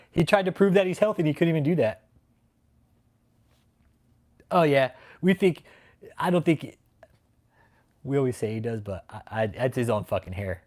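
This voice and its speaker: A man hosting a livestream, ranting in a mocking, profane way, often breaking into laughter and rambling. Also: a little high. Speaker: livestream host. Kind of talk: casual profane livestream rant.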